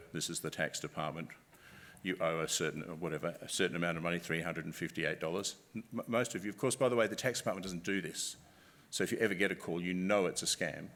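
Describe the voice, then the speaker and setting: Brief: presenter, mid-pitched, engaging and conversational in front of an audience. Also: male voice. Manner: lively, chatty, asks the audience questions. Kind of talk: live public talk. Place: conference room with live audience.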